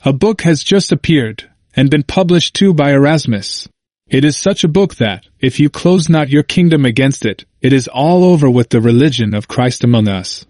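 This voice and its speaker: A man's voice: mid-range voice, expressive, moderate pace, a little mellow, dry recording, clean studio sound, close to an everyday voice. A man reading the part of a whining, fanatical old bishop who pleads before a king. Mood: pleading.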